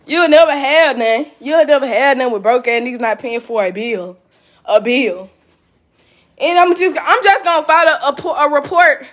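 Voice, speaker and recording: A woman's voice: high-pitched, moderate pace, fairly bright tone. A woman on a live stream ranting heatedly and profanely, repeating herself and laughing between jabs. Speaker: livestreamer. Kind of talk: casual live-stream rant. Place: indoors at home. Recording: echoey room.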